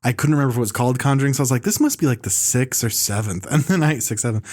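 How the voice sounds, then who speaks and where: Young dude rambling about movies on a podcast, says like a lot, dry jokes, average pitch. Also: male voice, very fast. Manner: rambling, heavy use of "like", deadpan jokes. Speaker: podcast co-host. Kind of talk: casual film chat.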